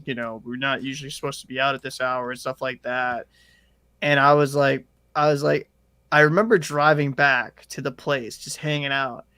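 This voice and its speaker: A man co-hosting a casual podcast, telling a story in a rambling, animated way with lots of fillers and swearing. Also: a little high, dry recording. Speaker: podcast co-host.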